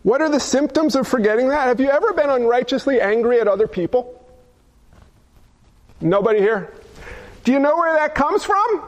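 A man with a strikingly high voice for his sex, delivering a fervent sermon. He presses his listeners with one rhetorical question after another and drives each point home with emphatic repetition. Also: expressive, moderate pace, long pauses. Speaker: preacher.

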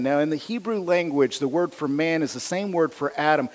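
Animated male pastor preaching. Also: fairly high pitch, moderate pace. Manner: animated preaching, self-teasing asides. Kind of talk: sermon.

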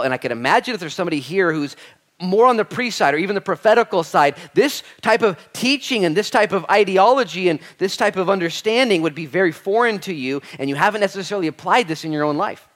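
A man delivers a sermon as pastor, swinging from calm teaching to loud, playful acted-out quotes. He talks in a casual, humorous way and leans on the congregation. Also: a little high.

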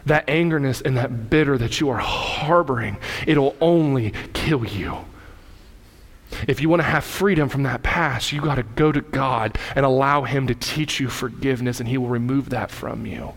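A male pastor preaching a fervent sermon in a church, repeating his points and swinging between loud and soft. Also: mid-range voice, normal speed, creaky, hardly any pauses. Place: church sanctuary. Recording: echoey hall reverb.

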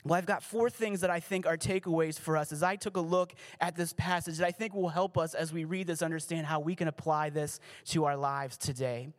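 A man's voice: a little high, steady tone, a little fast, hardly any pauses. A man giving a sermon as pastor, reading scripture and adding casual, joking asides.

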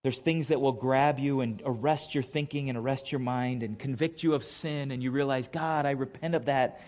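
A man's voice: medium pitch, steady tone, moderate pace, darkish tone. A man preaching a conversational sermon as pastor to a church congregation, casual and emphatic, quizzing the audience.

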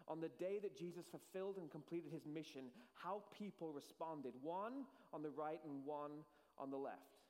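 A man delivers an earnest sermon with dramatic pauses. His voice sits high for a man. The sound rings out with the long reverb of a church hall. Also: a little mellow. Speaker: pastor.

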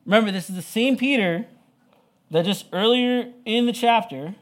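A man's voice: high-pitched, normal speed. A young man preaching a sermon, retelling the story in a casual, conversational way full of "like" and "you know". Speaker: pastor.

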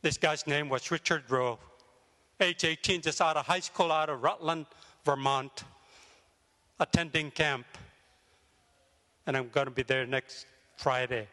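An older man giving a sermon as a guest speaker, telling a personal story vividly and moving between raised and hushed passages. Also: a little high, a little slow, long pauses, in a large hall. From grew up in a jungle village.

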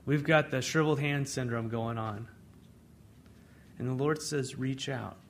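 A man preaching a sermon as pastor, in a conversational way, swinging between loud emphasis and hushed asides. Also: medium pitch, unhurried, a little hiss or hum.

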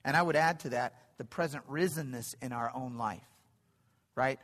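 A middle-aged man preaching a sermon in a church, animated and building to excited peaks, often repeating phrases. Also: medium pitch, moderate pace. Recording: long hall reverb.

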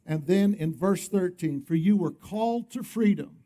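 A man's voice: sits high, expressive, measured pace, warm tone. A male pastor preaching a sermon, emphatic, often calling on the congregation to respond.

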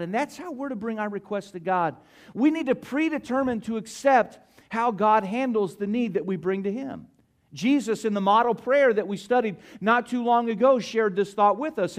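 High-voiced preaching man. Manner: preaching with swelling emphasis and hushed drops. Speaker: pastor. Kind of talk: sermon.

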